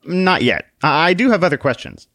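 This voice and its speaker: A man's voice: fairly high pitch, huge pitch swings, fairly quick, vocal fry, pushed and bright, dry recording, clean studio sound, voice pushed up, exaggerated voice. A man voicing an irritable, suspicious grown man who answers with short questions.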